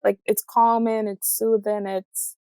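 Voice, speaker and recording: A woman in her twenties talks through her thoughts in a hesitant, searching way, leaning on "like" as she goes. Her voice has a noticeable creaky, gravelly texture. The sound is close and dry, with no room around it. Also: mid-range voice, little pitch movement, slow, mellow, dry recording. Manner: hesitant, thinking aloud, full of "like" fillers. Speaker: guest, graduate student. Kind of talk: casual conversation.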